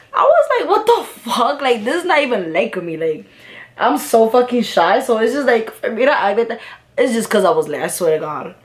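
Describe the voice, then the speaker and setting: Slangy young woman. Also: mid-range voice. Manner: candid, slangy and profane, lots of fillers. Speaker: vlogger. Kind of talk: casual storytime while doing makeup.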